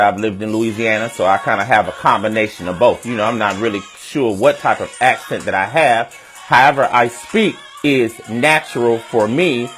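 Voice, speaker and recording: A man's voice: medium pitch, fairly bright tone. A man with a Southern US accent hosting a web series, talking candidly and casually to his viewers and asking them questions.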